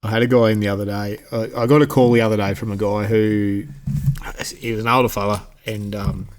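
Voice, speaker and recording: A man's voice: on the low side, level tone, fairly quick. A man with an Australian accent, a mechanic co-hosting a podcast, telling a rambling, sweary story in a workshop. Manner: rambling, sweary, self-interrupting. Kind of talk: casual storytelling chat.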